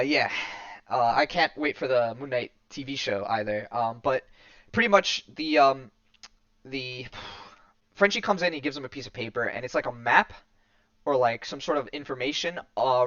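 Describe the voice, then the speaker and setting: A man's voice: medium pitch, moderate pace, bright, forceful tone, dry recording. Man, podcast host, casual comic recap, rambling, lots of fillers, dull lo-fi sound. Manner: rambling, many fillers and restarts. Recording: dull lo-fi dry recording.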